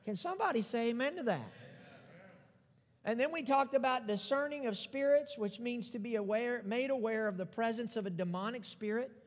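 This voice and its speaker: A man's voice: very high voice, normal speed. A man preaching a sermon as pastor, leading the congregation in repeated declarations and stressing phrases through repetition. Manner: preaching with call-and-response, repeats phrases for emphasis. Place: church sanctuary. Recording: long reverb of a church hall.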